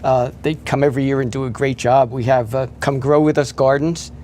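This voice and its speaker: A man talking in a relaxed local interview, listing event details with many fillers and restarts. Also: mid-range voice, a little fast, a little hiss or hum. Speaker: event organizer guest. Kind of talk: casual interview chat.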